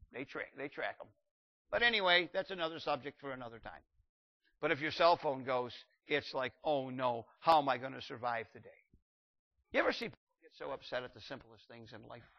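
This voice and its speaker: Animated older male preacher, lo-fi sound. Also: fairly high pitch. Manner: animated, shouts acted quotes, reads scripture slowly. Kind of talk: sermon.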